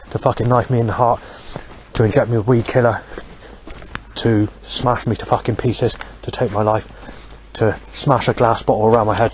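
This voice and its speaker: A man's voice: lowish voice, darkish tone, slight background noise. Angry man ranting at night. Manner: furious, profane, rambling rant. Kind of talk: angry rambling monologue. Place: outdoors on a street at night. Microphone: handheld digital audio recorder.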